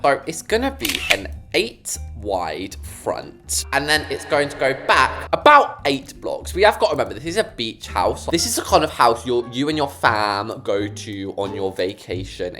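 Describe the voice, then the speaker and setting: A man, chatting and joking with viewers while commentating his game building. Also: lowish voice. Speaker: gaming YouTuber. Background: background music.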